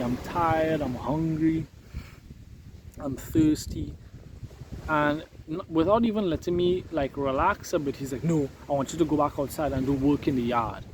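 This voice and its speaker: A young man with a slightly high voice tells a personal story straight to camera. He acts out the lines he quotes from his father and from himself. Loud wind and outdoor noise batter the microphone. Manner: animated retelling, quoting his father and himself. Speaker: vlogger.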